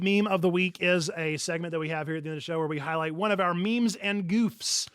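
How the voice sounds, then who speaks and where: A man's voice: high voice, a bit bright, soft background music. A man co-hosting a gaming livestream, chatting casually and enthusiastically about upcoming games and laughing easily. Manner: upbeat, enthusiastic, quick to laugh. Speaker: stream co-host. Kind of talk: casual chat on a gaming stream.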